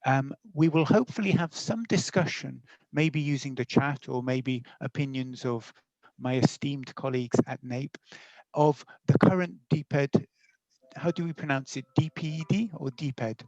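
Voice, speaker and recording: A man's voice: mid-range voice, moderate pace, a little mellow, no echo, dull audio. A middle-aged man, a teacher educator, presenting a webinar in a friendly, explanatory way with small fillers and self-corrections, over a video call mic.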